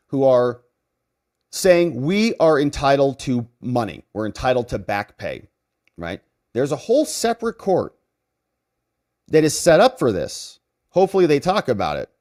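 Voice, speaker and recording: Sarcastic, animated male legal commentator. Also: mid-range voice. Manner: sarcastic, mocking; emphatic, animated delivery. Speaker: lawyer and commentary host.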